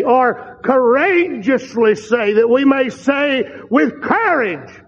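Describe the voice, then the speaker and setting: A man preaching a sermon, slow and emphatic, repeating phrases for stress. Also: very high voice. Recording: dull recording in a reverberant hall.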